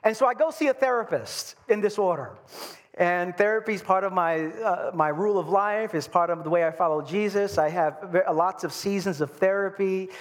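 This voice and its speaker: A man's voice: high voice, moderate pace. A male pastor from Brooklyn preaching a sermon, telling stories animatedly and acting out scenes with humor. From Brooklyn, New York.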